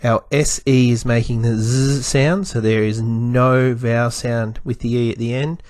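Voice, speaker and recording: Slow, careful male teacher sounding out letters. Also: medium pitch, flat delivery, darkish tone, no room sound. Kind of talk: spelling lesson for children.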